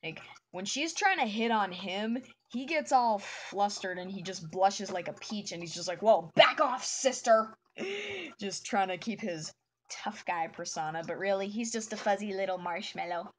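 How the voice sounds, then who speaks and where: Drawing on stream, a young woman talks with her audience in a light, giddy, casual manner. She has a mid-range voice at a moderate pace, and the audio carries a faint hiss or hum.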